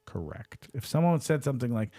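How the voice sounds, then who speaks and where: A man co-hosting a laid-back podcast, talking in loose, rambling bursts. He jokes around and likes to put on goofy voices. His voice sits a little high for a man. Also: lively intonation, measured pace, darkish tone. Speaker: podcast co-host. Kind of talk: casual chat.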